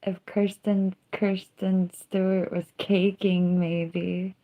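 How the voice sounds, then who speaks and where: A woman's voice: mid-range voice, little pitch movement, takes it slowly, narrow, tinny audio. A young woman hosting a casual livestream, chatting in a drawling, sardonic way that mixes jokes with confessions. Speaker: livestream host.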